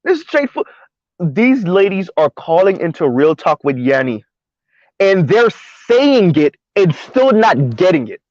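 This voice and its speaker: Male vlogger, high pitch, emphatic and mocking monologue from the car, dry lo-fi sound. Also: big pitch swings, a little slow, a little mellow, no room sound. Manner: emphatic, sarcastic, repeats points. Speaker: commentary vlogger. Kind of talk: opinionated commentary monologue. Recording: dull lo-fi recording.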